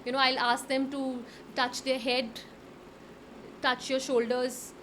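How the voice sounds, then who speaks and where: A middle-aged woman with an Indian English accent, explaining public speaking tips in an animated, instructive way and often repeating words. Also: high-pitched, slow. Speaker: soft skills trainer. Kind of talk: conversational interview, Hinglish. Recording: faint background noise.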